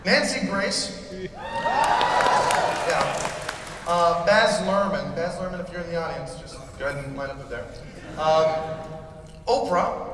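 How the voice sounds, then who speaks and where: Long pauses and huge pitch swings mark this man's high-pitched, unhurried delivery. He's a comedian performing a crude, mock-pompous rant on a large convention hall stage, recorded from far off in echoing acoustics with crowd noise, laughter and cheering.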